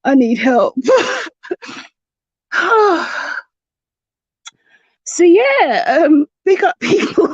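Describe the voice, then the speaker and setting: Girl giggling nonstop on her live stream, high voice, takes her time, muffled lo-fi sound. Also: very animated, extremely slow, long pauses, no room sound. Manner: giggly, laughs constantly, teasing. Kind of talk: casual live chat. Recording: dull lo-fi stream audio.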